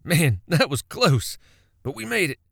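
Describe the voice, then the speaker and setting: A chirpy, eager young man with a bright, lifted voice that jumps around a lot, as a male narrator plays him. The sound is close and dry. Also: on the high side, wildly swooping pitch, normal speed, gravelly, dry recording, voice pushed up, heavily acted. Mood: relieved. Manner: chirpy, upbeat. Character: eager young man, cheerful sober driver.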